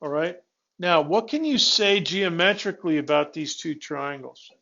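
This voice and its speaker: A male physics instructor with a high voice gives a classroom lecture, walking students through each step, stopping mid-word to restart, and checking in with frequent questions. His delivery is normal speed with lively intonation, vocal fry, and a pushed, bright sound. The recording is dull and lo-fi.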